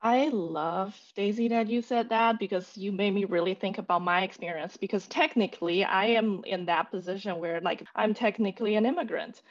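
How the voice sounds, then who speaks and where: A woman's voice: mid-range voice, moderate pace, hardly any pauses. A woman therapist from China who reflects frankly on her own experience in a casual podcast chat. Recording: muffled lo-fi audio.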